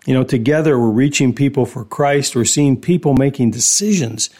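A man's voice: medium pitch, moderate pace, darkish tone. A man hosting a Christian radio show, speaking in an encouraging, preacherly way to listeners. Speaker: radio host and Bible teacher.

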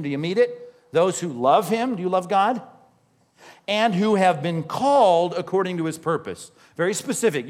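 A male pastor preaching a sermon, animated and emphatic, rising and falling as he drives points home. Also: a little high.

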